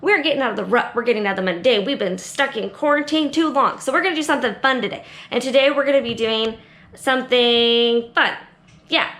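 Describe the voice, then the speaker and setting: A woman's voice: on the high side, a little fast, fairly bright tone. A young adult woman hosting an art channel, chatting playfully to kids in a bubbly, jokey way. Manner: bubbly, jokey, talks to herself. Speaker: art teacher and channel host. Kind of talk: playful casual vlog talk to kids.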